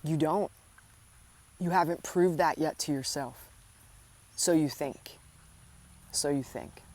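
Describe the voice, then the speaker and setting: A woman's voice: sits low, takes it slowly, darkish tone. Earnest woman giving a spiritual pep talk. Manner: earnest, affectionate, addresses listener directly; repeats phrases for emphasis. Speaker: spiritual coach.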